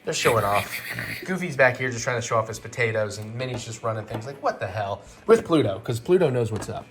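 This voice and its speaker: A man hosting a home vlog, joking and thinking out loud while he puts a toy together. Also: mid-range voice, animated, quick pace, faint music behind. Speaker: vlog host. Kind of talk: casual chat while assembling a toy set.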